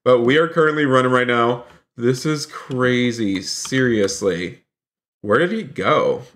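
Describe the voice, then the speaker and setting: A man's voice: mid-range voice, animated, measured pace, a bit bright. A man streaming a role-play game live, chatting to viewers and exclaiming often. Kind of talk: live gaming commentary.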